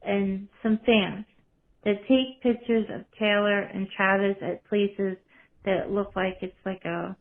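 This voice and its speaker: A woman's voice: medium pitch, fairly even intonation, slow. A woman leaving a polite, earnest voicemail question for a podcast, a little rambling. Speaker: caller. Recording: tinny phone line voicemail.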